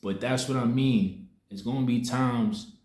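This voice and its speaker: A man's voice: medium pitch, steady tone, unhurried, a little mellow. A young man telling a personal story in loose street slang, rambling with restarts as he shares a spiritual lesson. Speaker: spiritual content creator. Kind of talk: casual spoken storytelling. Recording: echoey room.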